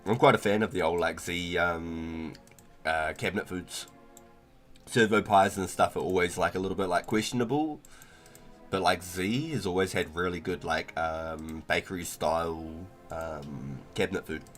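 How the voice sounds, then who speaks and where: Young NZ-male streamer, low voice, slangy rambling chat, faint music under it. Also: normal speed, fairly bright tone. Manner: laid-back, slangy, rambling with frequent "bro" and "like". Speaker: livestreamer. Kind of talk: casual gaming stream chat.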